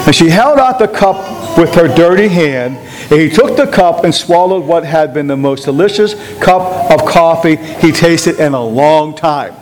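A male pastor preaching a sermon, animated and emphatic, often putting questions to the congregation. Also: on the high side, normal speed, slight background noise, low-quality recording.

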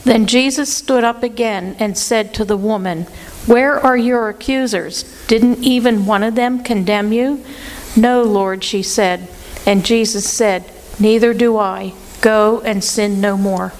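A woman reading Bible passages aloud in a steady, even delivery during a Bible study. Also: a little high, measured pace, rough recording. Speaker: scripture reader.

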